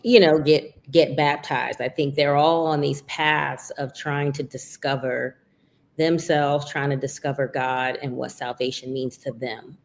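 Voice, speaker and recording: A woman's voice: extremely low pitch, gravelly. A woman who is an author and minister, speaking as a guest in a reflective interview and working through her ideas with frequent fillers. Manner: thoughtful, talks through ideas with many fillers.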